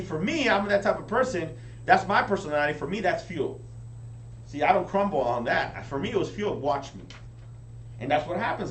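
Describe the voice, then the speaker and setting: A man giving a high-energy motivational training talk to a live audience, often checking in with them. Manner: energetic, keeps asking the crowd "right?". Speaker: business team leader training recruits. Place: meeting room with an audience. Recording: echoey room, distant mic, faint hum.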